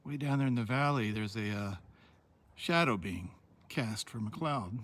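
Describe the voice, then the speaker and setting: A hiker and vlogger walks a forest trail, recording outdoors as he tells rambling, wry stories in a chatty way. His voice is lowish and a bit bright, and he speaks unhurriedly.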